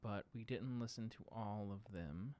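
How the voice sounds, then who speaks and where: A man hosting a casual livestream from home, talking in a relaxed, rambling way with lots of filler sounds. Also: on the low side, measured pace. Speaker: podcast host streaming live.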